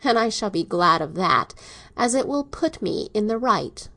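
Woman voicing a domineering older father, dry and sarcastic, storybook reading, mid-pitched voice. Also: animated, normal speed, fairly bright tone. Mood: stern. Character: stern ironic older male doctor, a domineering father. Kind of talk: audiobook reading.

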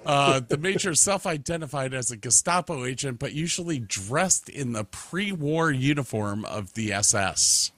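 A man's voice: mid-range voice, moderate pace, hardly any pauses, no echo. A man co-hosting a podcast in casual chat, reading facts aloud and reacting. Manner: reads facts aloud with lively, animated delivery. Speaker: podcast co-host.

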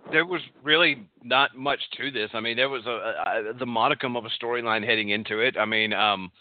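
A man's voice: mid-range voice, fairly quick, no echo. Rambling guy from texas doing a wrestling recap, lots of ums, tinny dry sound. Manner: rambling, filler-heavy, self-correcting. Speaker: podcast host. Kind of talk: casual wrestling recap chat. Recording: tinny phone-like line.

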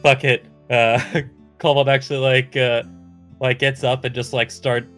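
A man's voice: mid-range voice, level tone, a little slow, a bit bright. A man playing a tabletop game, offhand and laughing as he describes his character's moves, over faint guitar music. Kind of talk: casual game talk.

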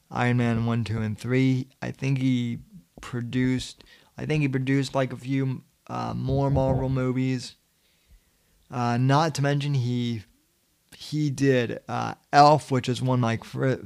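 A man's voice: medium pitch, gravelly, a little mellow, clear, resonant tone, no echo. A young man hosting a podcast, rambling casually with many fillers and the odd swear. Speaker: podcast host.

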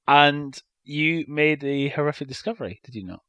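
A man's voice: a little high, animated, moderate pace, a bit bright, smooth, no echo. A man co-hosting a casual chat podcast, telling stories in a wry, mock-serious way. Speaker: podcast co-host.

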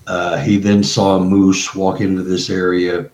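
A man, a guest researcher and author, telling an excited story full of quoted dialogue and restarts. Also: deep voice, measured pace. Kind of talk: animated storytelling. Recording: roomy, distant, dull remote audio.

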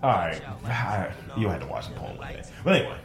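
A man's voice: lowish voice, a little fast, echoey room. A man co-hosting a casual podcast, telling crude stories and acting out the people in them. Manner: animated storytelling with lots of impressions. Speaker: podcast co-host. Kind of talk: casual explicit podcast banter.

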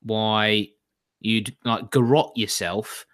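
A man chatting casually on a podcast, with a dry, deadpan manner. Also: lowish voice, slow pace. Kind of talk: casual chat.

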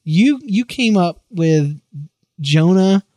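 A man from Georgia chatting casually on a podcast, joking and playful. His voice sits a little high for a man. The sound is dry and close, with no room around it. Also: lively intonation, slow pace, mellow, dry recording. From Georgia, USA. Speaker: podcast co-host. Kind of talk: casual chat.

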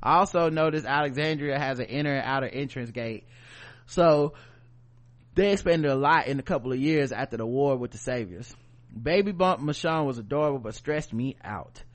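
A man co-hosting a podcast, recapping a TV show in casual, animated banter and laughing often. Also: mid-range voice, normal speed. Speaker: podcast co-host.

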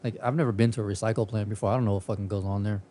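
A man's voice: on the low side, fairly even intonation, rapid-fire, dark tone, a little hiss or hum. A man hosting a podcast in casual chat, telling stories with lots of swearing and laughter. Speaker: podcast host.

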